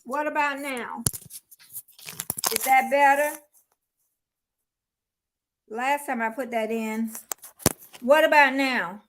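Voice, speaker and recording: A woman's voice: sits high, fairly even intonation, takes it slowly, pauses often, background noise. A woman casually chatting with viewers on a livestream, greeting them by name as she talks. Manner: chatty, greets viewers by name, warm Southern-style colloquial speech. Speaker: YouTuber hosting a livestream. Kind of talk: casual livestream chat reading viewer comments. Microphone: laptop or phone mic, then earphones.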